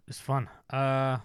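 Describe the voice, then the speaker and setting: A man streaming a motorbike game live, chatting excitedly to his viewers while he plays. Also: mid-range voice, smooth. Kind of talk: live-streamed gameplay chat.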